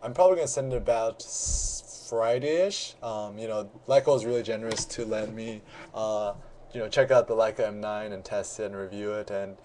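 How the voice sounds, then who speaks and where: A man vlogging about his camera gear in a relaxed, rambling way, full of ums and restarts. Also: on the low side, moderate pace, a little hiss or hum. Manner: relaxed, many ums and restarts, chatty storytelling. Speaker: photography vlogger. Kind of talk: casual rambling vlog.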